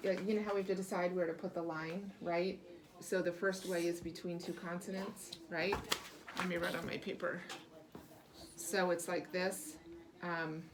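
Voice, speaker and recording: A woman's voice: on the low side, background noise. Encouraging woman teacher in a classroom. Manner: encouraging, lavish with praise; patient questioning, explains step by step. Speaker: reading teacher. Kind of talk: small-group reading lesson.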